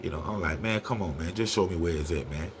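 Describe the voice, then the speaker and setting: A man's voice: fast talker, background noise. A middle-aged man telling a story in casual talk, acting out the quoted lines in a raised voice. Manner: animated, acts out quotes in a higher voice.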